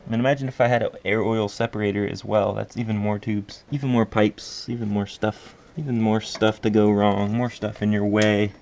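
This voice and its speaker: A man's voice: fairly low pitch, steady tone, moderate pace, hardly any pauses, darkish tone, slight background noise. A man talking casually through a car part install, muttering to himself and swearing while he works under the car. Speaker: car DIY vlogger.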